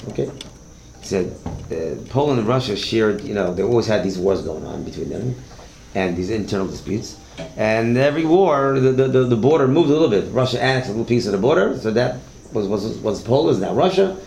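The Torah teacher sounds animated and brisk, his lowish voice creaky and darkish. Conversational and given to repeating words, he tells stories and asks the class questions in an echoey room with faint hiss.

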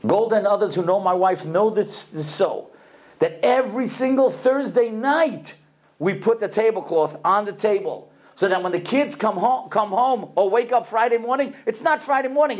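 A man telling stories in a talk, animated and often repeating his words as he starts a sentence. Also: high-pitched. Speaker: speaker telling religious stories. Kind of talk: anecdotal storytelling talk.

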